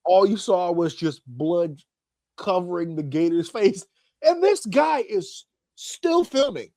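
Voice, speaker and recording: In a clean, dry studio recording, a man with a high voice speaks at a slow pace while co-hosting a casual comedy podcast. He's an animated storyteller who swears a lot and acts out voices.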